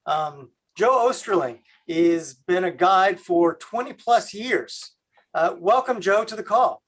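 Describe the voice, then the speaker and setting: A man from Canada hosting a video call, talking in a halting way with many fillers. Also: high voice, lively intonation. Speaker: host.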